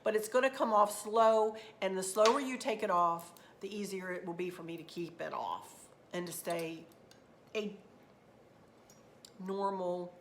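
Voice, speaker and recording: A middle-aged woman with a drawl chats off the cuff to her channel, looping back and repeating her words. Her voice sits at an ordinary middle pitch. A faint hum of room noise runs under her talk. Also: a little slow. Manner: rambling, repeats herself, southern turns of phrase. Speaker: craft channel host. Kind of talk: unscripted casual vlog talk.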